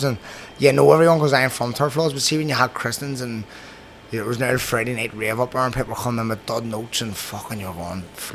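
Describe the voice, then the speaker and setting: A man's voice: medium pitch, fairly bright tone, a little hiss or hum. A man with a Belfast accent hosting a podcast, telling stories in casual, sweary chat. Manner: quick, sweary storytelling. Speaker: podcast host.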